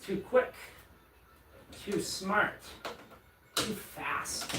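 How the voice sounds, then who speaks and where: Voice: medium pitch, lively intonation, a little slow, a bit bright, recorded from a distance. A streamer keeps up a rambling, joking commentary on a live stream, poking fun at their own clumsiness and restarting sentences as they go. The voice sits back from the microphone in a roomy, echoing space at home, with a faint hiss of noise underneath. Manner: rambling, self-mocking running commentary with stammered restarts. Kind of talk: casual live-stream chat while assembling furniture.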